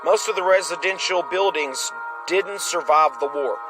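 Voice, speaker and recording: A man's voice: a little high, moderate pace. A man casually narrating a story game, reading its lines and adding jokey asides. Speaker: gamer reading a visual novel aloud. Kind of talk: casual let's-play narration. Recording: game music under voice.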